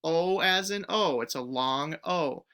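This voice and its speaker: A woman teacher giving a recorded phonics lesson to young pupils, stretching out each word sound clearly and encouraging the children to join in. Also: low voice, slow pace, a bit bright. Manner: encouraging, speaks directly to children.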